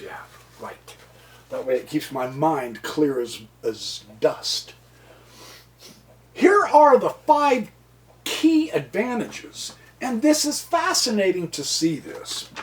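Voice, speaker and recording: Here a weary American chess teacher, medium-pitched, rambles through a laid-back lesson, cracking jokes and muttering to himself between points. There's slight background noise.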